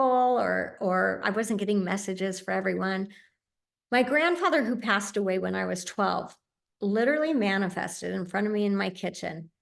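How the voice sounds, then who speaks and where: A woman's voice: mid-range voice, gravelly. A woman telling a heartfelt personal story as a medium and speaker, earnest and sincere, with frequent small fillers.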